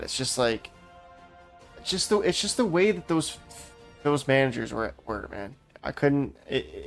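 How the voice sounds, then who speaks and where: A young Canadian man with a gravelly, medium-pitched voice rambles through a heated, profane story while gaming. It's a casual rant, and he keeps restarting his sentences.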